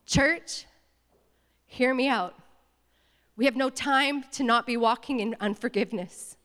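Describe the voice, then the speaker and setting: A woman's voice: on the high side, unhurried, a bit bright. A woman pastor preaching a sermon with impassioned call-and-response. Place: church sanctuary. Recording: echoey church hall.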